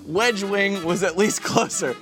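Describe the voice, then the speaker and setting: A podcast co-host man in casual chat, excitable, cutting in and swearing. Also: high voice, unhurried, soft background music.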